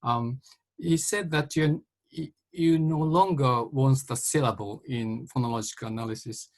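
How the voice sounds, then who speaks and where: Gravelly man asking a question. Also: medium pitch. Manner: careful, halting, with many fillers and restarts. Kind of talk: academic Q&A question.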